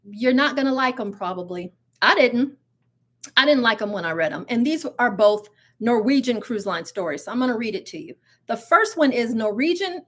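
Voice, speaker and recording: A woman with a slightly higher-than-usual voice hosts a casual live stream of cruise talk. She chats along easily, giggling through her stories and dropping in asides and fillers as she reads out the news. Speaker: cruise channel host.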